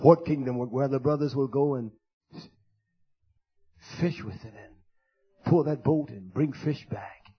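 A man preaching a fiery sermon to his congregation, rising to shouts and dropping low again. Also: measured pace, pauses often, husky. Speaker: pastor. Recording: muffled lo-fi recording.

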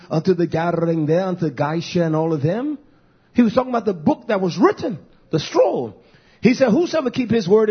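A man preaching a fiery, confrontational sermon as pastor, swinging between loud and soft delivery. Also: high voice, husky, lo-fi sound.

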